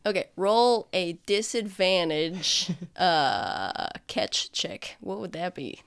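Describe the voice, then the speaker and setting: A woman's voice: on the low side, animated, takes it slowly, gravelly, clear, resonant tone. A woman narrating as game master in a casual way, with lots of fillers.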